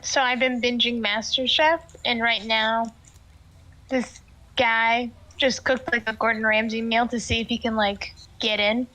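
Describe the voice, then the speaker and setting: A woman's voice: on the high side, level tone, unhurried, sharp tone, rough recording. A woman streamer chatting casually during a tabletop game, telling stories with lots of laughter. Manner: chatty storytelling, laughs often, filler "like".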